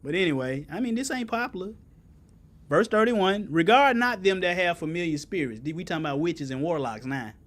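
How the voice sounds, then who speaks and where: A man's voice: high voice, expressive, fairly quick, a bit bright. A man preaching a sermon in folksy vernacular, asking the congregation for answers and building to emphatic peaks.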